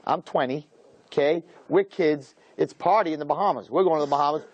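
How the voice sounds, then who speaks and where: A man, a rabbi, telling a personal story in a lively way and acting out the dialogue. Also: dry recording, muffled recording. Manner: animated, acts out dialogue with quick pitch swings. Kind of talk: storytelling talk.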